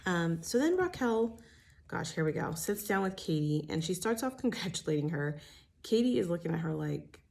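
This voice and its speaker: Woman with a low voice gossiping about a reality show, blunt, swears, lots of likes and ums. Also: normal speed, vocal fry. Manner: chatty, blunt, swears freely; animated retelling with many fillers. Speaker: TV recap host. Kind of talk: casual gossip recap.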